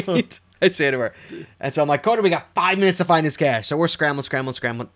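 A man's voice: fairly high pitch, expressive, a little fast, a bit bright. A man co-hosting a casual chat, telling a rambling story with swearing and frequent laughter. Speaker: podcast co-host.

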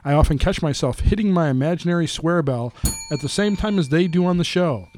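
A man co-hosting a casual podcast, reading listener emails aloud in a halting way with fillers and chuckles. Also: fairly high pitch, animated, a little mellow, slight background noise. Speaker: podcast co-host.

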